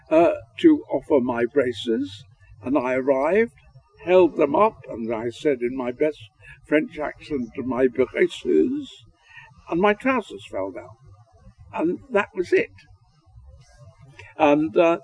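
An older Englishman reminisces about his acting days at an unhurried pace, his voice mellow and a little husky. His speech rises and falls a lot and is threaded with ums and uhs. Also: fairly high pitch, dry recording, rough recording. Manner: hesitant, full of ums and uhs, gentle and chatty. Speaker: actor interviewee. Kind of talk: reminiscing interview answers.

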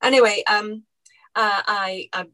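An actress telling a story from her career, animated, acting out the people she quotes and laughing often. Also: mid-range voice, unhurried, poor audio. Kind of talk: anecdotal interview storytelling.

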